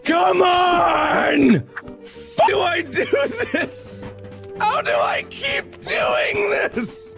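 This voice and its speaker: A man's voice: very high voice, very slow, vocal fry, a bit bright, shouting, faint music behind. A man giving let's play commentary, screaming, swearing and groaning at the game in frustration. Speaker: video game player.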